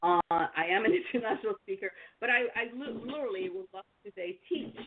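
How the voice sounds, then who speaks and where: A woman's voice: mid-range voice, animated, fast talker. A woman hosting a motivational talk show, speaking in a rambling way with many fillers and restarts. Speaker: podcast host and coach. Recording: tinny phone-like line.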